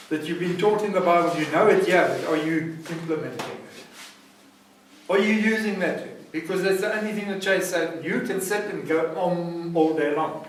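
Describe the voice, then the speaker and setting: A South African man with a slightly high voice teaches a class in an emphatic, preaching manner, pressing his listeners with questions. He is picked up from across a strongly echoing room by a distant mic. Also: a little hiss or hum. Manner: emphatic, keeps asking "see what I'm saying?". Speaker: recovery centre teacher. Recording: very echoey room, mic far off.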